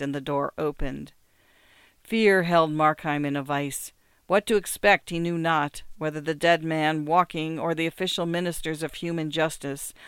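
A man narrating a classic story in a measured, literary manner. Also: fairly high pitch, fairly bright tone, smooth, no echo.

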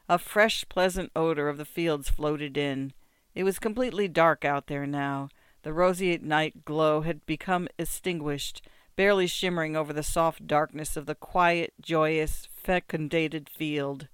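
A man narrating a classic story in an expressive, measured reading. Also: a little high, smooth, no room sound.

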